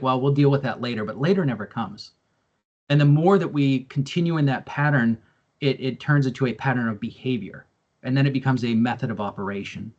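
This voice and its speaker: A man's voice: mid-range voice, dull audio. A man presenting an online training session in an earnest, explanatory way, with frequent fillers and repeated words. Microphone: video call microphone.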